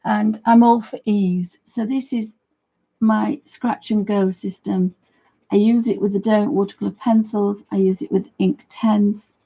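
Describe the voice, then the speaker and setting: A woman demonstrates watercolour techniques on a live stream, talking casually and greeting viewers as she works. Her voice is mellow and a little husky, and she often restarts her sentences. The audio is dull and lo-fi. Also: medium pitch, little pitch movement, measured pace. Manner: chatty, friendly asides to viewers, trailing restarts. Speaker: art tutor, livestream host.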